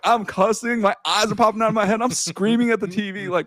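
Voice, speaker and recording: A man's voice: quick pace, no room sound. A man in his thirties, hosting a podcast in casual chat, telling stories with big swings, laughing and swearing. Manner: animated storytelling, swearing, laughing, shouting at highs. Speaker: podcast host.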